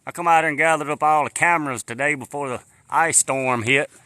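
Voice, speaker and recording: Out in the woods with a handheld phone, this man chats casually on a live stream, wandering folksily from topic to topic and replying to comments. His pitch is on the high side and his delivery brisk, bright and forceful, with no room sound.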